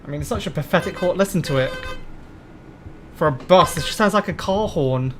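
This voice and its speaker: A man's voice: on the high side, animated, a little fast, fairly bright tone, slight background noise. A man streaming a bus-driving game, chatting casually and rambling as he answers viewer questions. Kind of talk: casual live-stream commentary.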